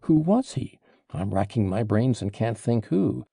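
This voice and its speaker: A man's voice: fairly low pitch, big pitch swings, a little slow, gravelly, warm tone, husky, no echo, studio quality, full character voice. A man reading an audiobook, voicing an agitated, proud young man under arrest in impassioned, indignant outbursts.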